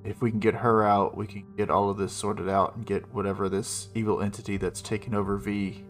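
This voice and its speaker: Give me a low-pitched man, casual, as a tabletop player. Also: little pitch movement, a little fast. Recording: faint music behind.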